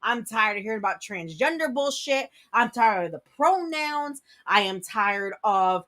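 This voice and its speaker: A woman's voice: on the high side, expressive, measured pace, fairly bright tone. Blunt, swearing woman ranting. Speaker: livestream co-host. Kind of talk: casual livestream chat.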